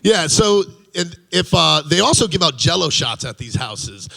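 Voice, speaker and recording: A man's voice: on the high side, big pitch swings, normal speed, gravelly, sharp tone. A middle-aged man doing a stand-up comedy set on a club stage, rambling loosely and chuckling at his own punchlines.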